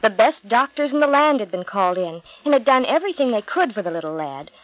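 A woman narrating a Bible storybook in a slow, expressive, deliberate reading. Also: a little high, no echo, low-quality recording.

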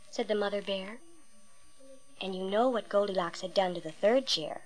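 A woman reading a fairy tale aloud with expressive, emphatic storytelling. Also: mid-range voice, moderate pace, low-quality recording.

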